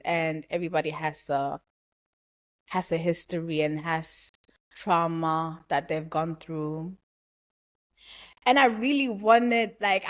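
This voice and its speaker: A young woman from Ghana hosting a podcast, chatting casually, laughing often and dropping into Caribbean slang. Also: on the low side. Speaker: podcast host. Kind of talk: casual chat.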